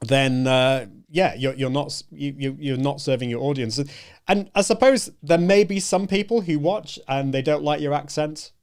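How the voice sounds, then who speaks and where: A man hosting a conversation, encouraging and warm-hearted in tone, often restarting his sentences. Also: a little high, normal speed, clean tone. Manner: encouraging, hesitant with many restarts. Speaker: show host. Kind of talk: casual conversation.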